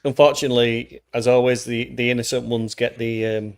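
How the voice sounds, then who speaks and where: A man's voice: mid-range voice, little pitch movement, fairly quick, smooth. Guy on a podcast cracking jokes, laughs a lot, ordinary mid voice. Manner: jokey, laughs at his own quips. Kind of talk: casual chat.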